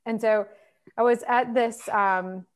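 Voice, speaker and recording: A woman's voice: fairly high pitch, steady tone, takes it slowly. A woman author in a casual interview chat over a video call, talking loosely with many fillers and laughs. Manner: chatty, lots of fillers and laughs. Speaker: author guest.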